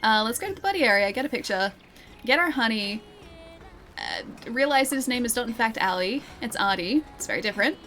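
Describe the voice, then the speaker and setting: A woman's voice: fairly high pitch, expressive, brisk, fairly bright tone, soft background music. Giggly young woman streaming a game. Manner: giggly, teasing, chatty with her chat. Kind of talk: live-streamed gameplay chat.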